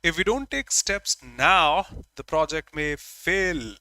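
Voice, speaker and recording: Male tutor, bright and forceful, lively explainer, dry close sound. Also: a little high, takes it slowly, no echo. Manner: lively, calls on students by name, acts out examples. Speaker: teacher. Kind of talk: online exam-prep lesson.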